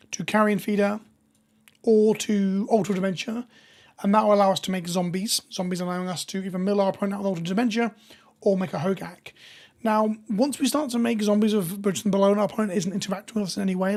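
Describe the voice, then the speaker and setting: A woman with a hoarse voice, chatting casually with viewers on a live stream. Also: medium pitch, darkish tone. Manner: chatty, reads viewer names and jokes with chat.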